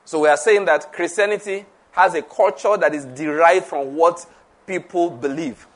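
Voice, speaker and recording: A man's voice: on the high side, normal speed. A man preaching a conversational sermon, laughing often, repeating himself and asking the audience questions.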